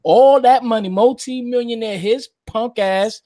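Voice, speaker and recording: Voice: medium pitch, measured pace, warm tone, no echo, clean studio sound. An interview host speaking bluntly and cursing freely in a casual talk. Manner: blunt, profane.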